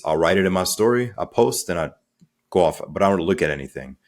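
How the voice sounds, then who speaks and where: A man speaking as a coach in a podcast interview, energetic and conversational, acting out little quotes as he talks. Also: sits low, fast. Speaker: guest, transformational coach.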